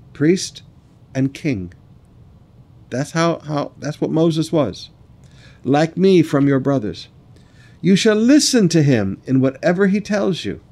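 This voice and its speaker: A man preaching a sermon, reading scripture aloud in slow measured phrases and breaking in with quick, chuckling asides. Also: fairly high pitch, darkish tone. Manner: reads scripture slowly, then adds quick asides with laughs.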